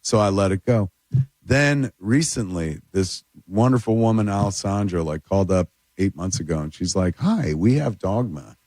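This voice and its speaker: A man, a filmmaker guest telling animated, rambling stories in a casual studio chat. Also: low voice, moderate pace, dry recording. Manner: animated, rambling anecdotes with lots of "like" and "dude". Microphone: radio studio mic.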